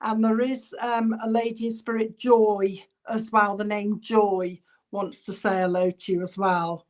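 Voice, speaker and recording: A woman working as a spiritualist medium in an online church service, passing on spirit messages in a halting, chatty way and addressing viewers by name. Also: medium pitch, little pitch movement. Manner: halting, relays spirit messages with many ums. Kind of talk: online church clairvoyance reading.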